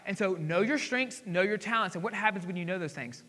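A man pastor preaching a sermon, often asking the congregation questions and swinging between loud emphasis and quiet asides. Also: high voice, fairly quick. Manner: call-and-response questions to the congregation. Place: church sanctuary. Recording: long hall reverb.

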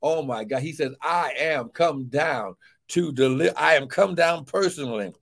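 High-voiced fervent preacher man. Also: a little slow, gravelly. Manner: fervent, calls out praise and shouts scripture; drops to a low murmur between shouts. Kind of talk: live-streamed sermon.

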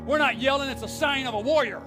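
A middle-aged male pastor preaching a sermon, often shouting and breaking into song. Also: very high voice, quick pace. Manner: preaching with shouts and bursts of singing. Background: music.

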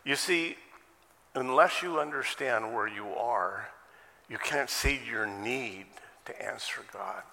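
A man's voice: mid-range voice, slow, creaky, sharp tone, in a large hall. An American man preaching a sermon, firing off rhetorical questions and folksy asides. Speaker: pastor.

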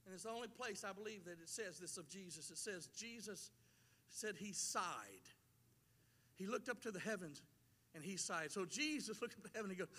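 A man's voice: high-pitched, bright, forceful tone. A middle-aged man, preaching a sermon as a pastor, with impassioned delivery and repeated phrases. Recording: long reverb of a large hall.

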